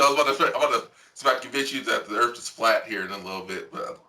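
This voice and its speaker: A man's voice: on the low side, fast, sharp tone, recorded from a distance. A man hosting a podcast in casual chat, rambling with plenty of fillers and frequent laughter. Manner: rambling, laughs often, lots of "like". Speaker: podcast host. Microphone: remote call with delay.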